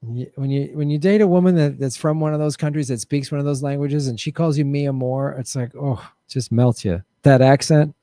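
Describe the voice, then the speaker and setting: A man hosting a casual livestream, answering viewer questions with animated commentary and mocking voices. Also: medium pitch, brisk, few pauses, no room sound. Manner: animated, jumps between mocking voices and mutters.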